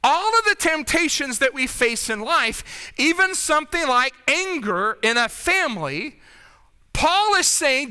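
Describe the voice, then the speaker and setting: A man's voice: extremely high pitch, sing-song, unhurried, bright, forceful tone, long reverb tail. A man preaching a sermon in a conversational way, often checking in with his listeners. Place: church sanctuary.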